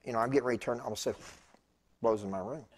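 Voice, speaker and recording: A man preaching a sermon, telling a story with animated swings between loud bursts and hushed tones. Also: mid-range voice, very fast.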